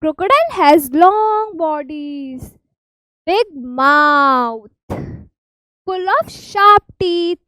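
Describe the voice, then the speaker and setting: A woman with an Indian English accent teaching reptiles to small children, slowly naming each animal in a sing-song way. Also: high voice, expressive, sharp tone, no echo, rough recording. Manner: slow, sing-song, stretches key words. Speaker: preschool teacher.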